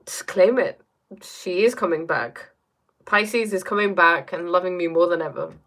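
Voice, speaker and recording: A woman hosts a relaxed live stream from her bedroom, talking in a somewhat low voice. She muses reflectively as she reads chat, often checking in with "right?" and "you know?". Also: normal speed. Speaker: livestream host reading chat.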